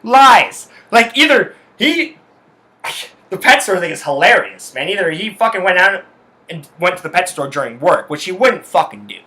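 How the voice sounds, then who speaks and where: A man delivers a heated solo podcast rant, swearing constantly as he tells his story. His voice sits a little high and comes out bright and forceful. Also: big pitch swings, normal speed. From Canada. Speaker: podcast host. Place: his house.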